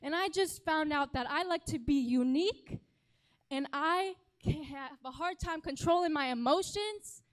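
A young woman speaking to a church congregation from the stage, telling a humorous story in an animated, dramatic way that exaggerates for laughs. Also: sits high, unhurried, dry recording. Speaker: worship leader giving a talk.

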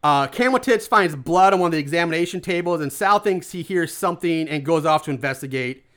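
A man with a high, bright voice chats his way through a movie recap. He laughs often and swears casually as he tells the plot like a story. It sounds like a relaxed podcast conversation. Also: brisk. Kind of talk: casual chat.

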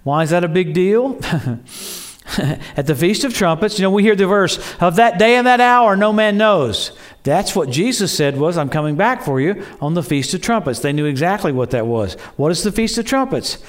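A man preaching a sermon in an excitable storytelling way, acting out quoted voices and exclaiming. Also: high-pitched, normal speed.

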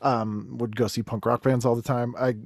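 Forties Boston guy, loose rambling storyteller, even mid pitch, dry sound. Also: moderate pace, no room sound. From Boston area. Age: 40s. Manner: rambling, many fillers, laughs between phrases. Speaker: podcast guest, comedian. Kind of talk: casual chat.

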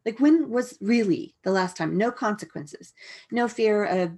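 Woman guest, candid storyteller, halting delivery with restarts, mid-pitched. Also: animated, darkish tone, husky. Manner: frank, halting, with many restarts and asides.

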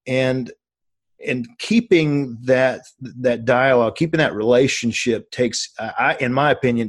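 Halting man hosting a talk show. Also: medium pitch, a little mellow. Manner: halting, searching for words. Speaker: host. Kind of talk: casual interview chat.

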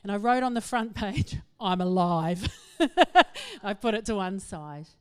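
Animated woman. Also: mid-range voice, unhurried, clear, resonant tone. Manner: storytelling, animated, self-mocking. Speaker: speaker. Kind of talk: humorous talk to an audience.

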